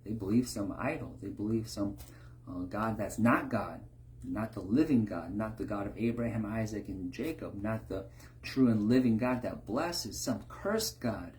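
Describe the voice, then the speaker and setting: A man's voice: on the low side, normal speed, darkish tone, slight background noise. A man giving an informal sermon, often tagging his points with a rhetorical question. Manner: rhetorical, keeps asking "right?". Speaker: preacher.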